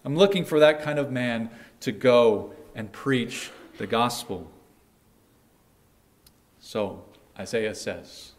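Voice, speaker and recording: A man delivers a sermon at an unhurried, deliberate pace. His pitch sits in the ordinary middle for a man. He swells loud and earnest on quoted lines, then sinks to a near hush at phrase ends. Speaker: pastor.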